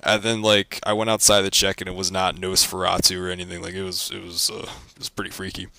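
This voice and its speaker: A young man ranting casually about his life as a vlogger, rambling with lots of fillers and deadpan jokes. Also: low voice, fast, vocal fry, no echo.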